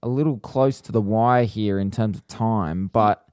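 A man co-hosting a casual podcast, with a low voice and an easygoing way of talking. The recording is dry and close, without room sound. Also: measured pace, no room sound. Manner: relaxed, explains at length, reads the outro. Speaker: podcast co-host. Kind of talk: casual chat.

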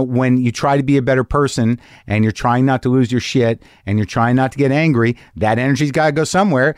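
A man's voice: medium pitch, darkish tone, dry recording. A man hosting his own podcast in a rambling solo monologue, wry, self-deprecating and freely profane, speaking from a home garage studio. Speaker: podcast host.

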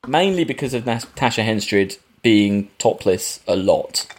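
A man's voice: fairly low pitch, lively intonation, unhurried. A middle-aged man hosting a casual film podcast, chatty and jokey. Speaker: podcast host.

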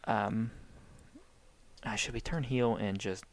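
A man's voice: lowish voice, fairly even intonation, slow pace. A young man from the United States co-hosting a podcast in casual, rambling chat, swearing and joking. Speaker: podcast co-host.

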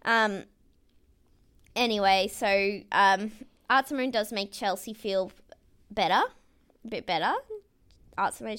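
A woman's voice: medium pitch, normal speed, a bit bright, clean tone. A woman casually recapping a reality show as a podcast co-host. She laughs often and acts out what people said.

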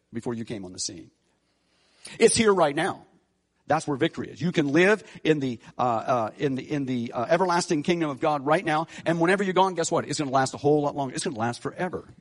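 A man's voice: a little high, expressive, brisk. A middle-aged male pastor preaching a sermon, building to emphatic peaks with frequent restarts and fillers.

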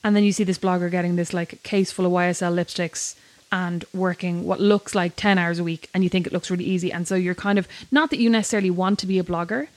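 Podcast co-host: woman, brisk casual talk, dry sound. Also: lowish voice, fairly even intonation, darkish tone, no echo. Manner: conversational, frequent fillers. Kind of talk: casual chat.

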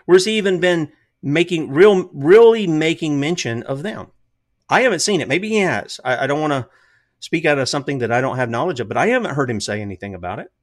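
A man hosts a casual political commentary with a somewhat high voice. He talks emphatically and keeps firing rhetorical questions at his listeners. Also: expressive, brisk. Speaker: commentary show host.

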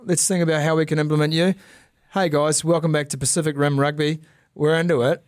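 An animated New man co-hosts a sports podcast from a studio. His voice sits fairly high, and he rants with a sarcastic bite. The sound is close and dry. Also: fairly quick, no echo. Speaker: podcast co-host. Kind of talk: casual sports chat.

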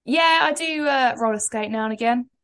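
A woman's voice: on the high side, moderate pace, a bit bright. Woman, twenties, podcast co-host, casual chat, rambling. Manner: chatty, rambling, laughs often.

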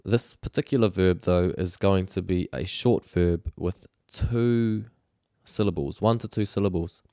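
A man's voice: deep voice, mellow, no room sound, clean studio sound. A man giving a casual spoken language lesson, patient and explanatory, with frequent fillers and repeated words. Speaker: language teacher.

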